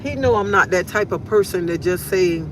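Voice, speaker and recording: A woman's voice: medium pitch, normal speed. A woman hosting a casual inspirational live stream, talking earnestly and repeating her phrases, recorded on a phone outdoors. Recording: noisy outdoor traffic background.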